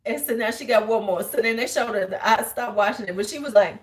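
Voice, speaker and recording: Laughing, animated woman host chatting casually. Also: fairly high pitch, fast talker, hardly any pauses. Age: 40s. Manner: animated, laughing, slangy storyteller. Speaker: beauty livestream host. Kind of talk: casual livestream chat.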